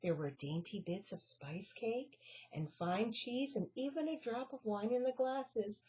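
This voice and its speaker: A woman reading stories aloud to children in a slow, expressive storyteller manner. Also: fairly high pitch, husky.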